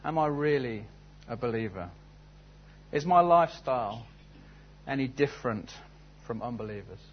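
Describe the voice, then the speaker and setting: A man's voice: medium pitch, lively intonation, moderate pace, muffled recording, a little hiss or hum. A man preaching a sermon, telling a story and then asking earnest, searching questions. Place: church service.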